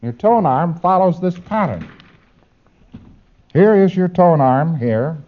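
A man's voice: on the high side, animated, slow, narrow, tinny audio. A man giving a demonstrative lecture, acting out exchanges with playful repetition.

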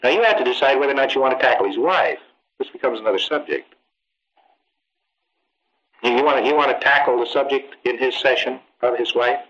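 A man's voice: mid-range voice, brisk, long pauses, fairly bright tone. A man giving an informal training lecture, emphatic and full of rhetorical questions, acting out little exchanges. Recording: dull lo-fi archival lecture tape.

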